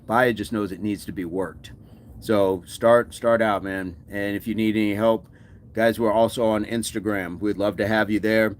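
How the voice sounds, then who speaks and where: Dude running a workout livestream, kinda low voice, chatty and encouraging. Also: male voice, fairly even intonation, normal speed, slight background noise. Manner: encouraging, reads viewer comments aloud. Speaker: fitness livestream host. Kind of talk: casual livestream chat.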